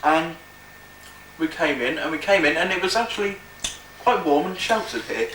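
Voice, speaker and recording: A man's voice: on the high side, expressive, normal speed, a bit bright. A man chatting easily with a friend inside a small stone hut, recorded on a camcorder mic across the room. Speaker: friend on camping trip. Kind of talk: casual chat. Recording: echoey, distant camcorder sound with noise.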